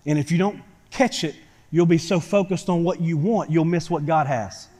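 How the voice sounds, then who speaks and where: A pastor preaching a sermon to his church, swinging from quiet talk to loud shouting. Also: a little high, normal speed. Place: church sanctuary. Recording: church hall reverb.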